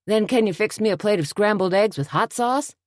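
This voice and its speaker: A woman's voice: mid-range voice, a little fast, no room sound, clean studio sound, voice pushed up, close to an everyday voice. A woman voicing a scruffy, dim-witted, scheming man who speaks in folksy slang. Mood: eager.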